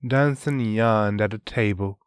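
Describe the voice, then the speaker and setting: A man narrating a fantasy novel at an unhurried pace, measured and even. His voice is on the low side and recorded dry and close. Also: clean tone, no echo. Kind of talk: audiobook narration.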